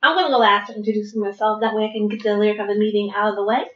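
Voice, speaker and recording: A woman hosting a casual podcast chat, laughing often and talking in quick bursts. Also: medium pitch, fairly even intonation, background noise. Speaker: podcast host. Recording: echoey room, dull lo-fi sound.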